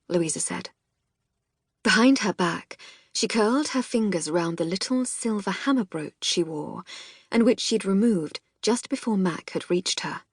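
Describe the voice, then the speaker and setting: A woman narrates a historical novel in a measured, even manner. Her voice has a light huskiness. The recording is close and dry. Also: mid-range voice, breathy edge, no echo. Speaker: audiobook narrator. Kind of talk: scripted narration.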